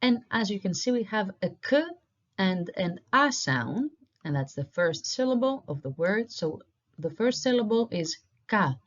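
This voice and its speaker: A woman teaching an online language lesson, patiently repeating each word slowly for learners. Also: mid-range voice, very animated. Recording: dull lo-fi recording.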